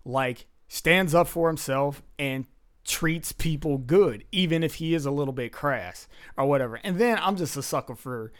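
A man's voice: a little high, expressive, moderate pace. A man in casual chat as a podcast co-host, speaking emphatically and with strong opinions.

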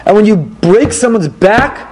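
Rabbi guy giving a torah class, high voice, lively, acts out the back-and-forth. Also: unhurried. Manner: animated, acts out dialogues in quoted voices.

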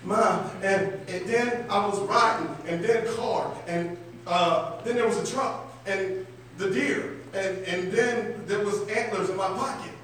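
A man's voice: sits high, measured pace, a bit bright. A man preacher voicing an upset child who stammers out a jumbled story. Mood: flustered. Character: upset rambling child telling a garbled story. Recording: echoey hall, distant mic, faint noise.

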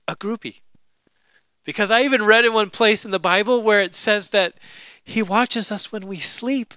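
A male pastor preaching a sermon in a conversational, joking way, slowing down to stress scripture. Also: sits high, pushed and bright, clear, resonant tone, dry recording.

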